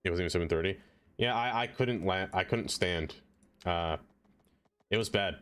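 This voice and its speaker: A man's voice: low-pitched, moderate pace, a bit bright, smooth, soft background music. A young man from Brooklyn, rambling and joking as he reads chat on a casual gaming stream. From Brooklyn, New York.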